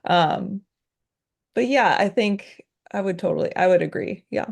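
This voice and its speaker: A woman's voice: mid-range voice, unhurried, gravelly. A woman hosting a casual podcast conversation, easygoing, with many fillers and sentences that trail off. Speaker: podcast host.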